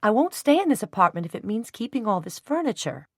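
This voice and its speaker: A woman's voice: mid-range voice, big pitch swings, fast, a bit bright, slightly rough, dry recording, clean studio sound, pitched above the performer's own voice, full character voice. A woman voicing a prim, thrifty young woman who grows exasperated in a storybook.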